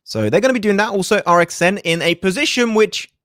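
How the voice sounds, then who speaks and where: A man casting a live mobile shooter tournament, fast play-by-play commentary with joking asides. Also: high-pitched, lively intonation, fairly bright tone, no echo, studio quality. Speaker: esports caster.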